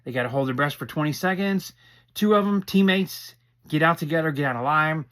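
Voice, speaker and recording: A man's voice: fairly high pitch, a little fast, a bit bright. A man casually recapping a reality show episode, talking in a rambling, conversational way with asides and restarts.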